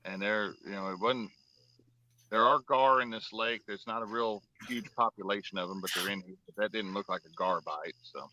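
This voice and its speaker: A fishing show host chats casually while fishing, drawling through long, rambling stories packed with fillers. His voice is fairly low and moves at normal speed with a sharp edge. The audio is dull but has no echo.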